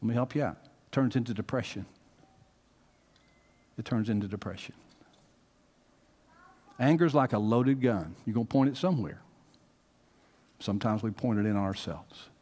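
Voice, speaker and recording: Talking straight to his congregation, a man from the American South delivers a conversational sermon that swells into emphatic outbursts. He speaks at a moderate pace in a lowish, slightly mellow voice with long pauses, and the room adds long hall reverb.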